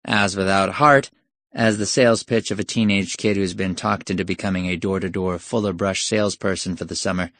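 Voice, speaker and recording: A man's voice: low-pitched, steady tone, fairly quick, a bit bright, no echo. Wry male audiobook narrator. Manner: wry, sardonic storytelling. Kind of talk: scripted narration.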